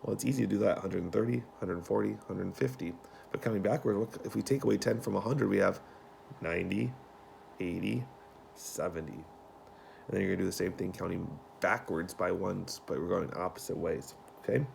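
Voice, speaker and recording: A man as a teacher, walking young students through homework in a relaxed, folksy way with many fillers. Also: sits low, fairly quick, gravelly, slight background noise. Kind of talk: remote homework walkthrough.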